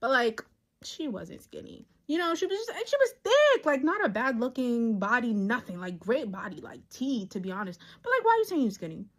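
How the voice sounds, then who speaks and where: A woman's voice: fairly high pitch, fairly quick. Young woman ranting casually, voice jumps way up for emphasis. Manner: animated, swooping, emphatic storytelling. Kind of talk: commentary vlog.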